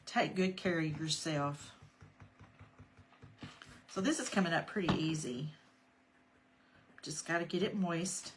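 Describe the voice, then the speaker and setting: Speaking in a low voice, this woman takes it slowly and pauses often. She's leading a casual livestream craft demo, chatting with her audience and naming viewers as she moves between steps.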